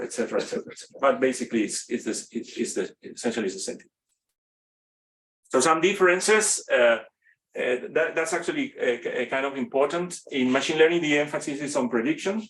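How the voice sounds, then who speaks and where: A native Spanish speaker with a Spanish accent gives an unscripted classroom lecture for a course, halting often and filling it with fillers and restarts. His voice is medium-pitched and a bit bright.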